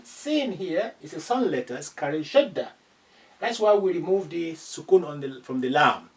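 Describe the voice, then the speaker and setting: A man teaching an Arabic lesson, slowly repeating phrases and spelling out sounds for his learners. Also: a little high, animated. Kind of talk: classroom lesson. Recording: distant from the mic.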